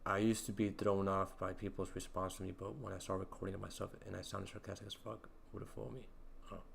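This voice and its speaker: A man hosting a casual livestream, talking slowly in a low-key way with lots of fillers that can come across as sarcastic. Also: flat delivery, gravelly, a little hiss or hum. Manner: slow, low-key talk with many fillers, sounds sarcastic. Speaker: livestream host.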